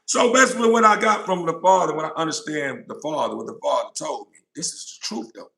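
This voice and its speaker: A man's voice: a little high, quick pace, gravelly, pushed and bright, a little hiss or hum. A man delivering a blunt, profane, impassioned monologue about God, acting out God and doubters in turn. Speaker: informal preacher. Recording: roomy echo.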